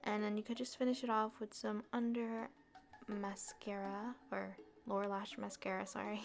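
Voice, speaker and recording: A woman chats her way through a casual makeup tutorial with easy, self-deprecating asides. Her voice sits at a middle pitch with a gravelly fry, and soft music plays faintly behind her. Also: flat delivery, moderate pace. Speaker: beauty vlogger.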